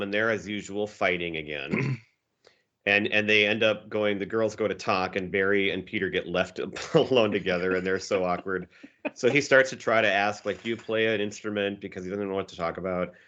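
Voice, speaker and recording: A man with a fairly low voice talks a co-host through a film in a relaxed podcast chat. He retells each scene and slips into quick impressions of the characters' lines. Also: highs cut off. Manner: animated storytelling, acting out quotes. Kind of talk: casual movie recap chat.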